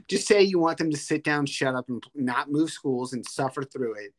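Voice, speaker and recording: A man's voice: medium pitch, lively intonation, normal speed. A young man co-hosting a casual sports podcast, ranting heatedly and swearing freely. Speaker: podcast co-host.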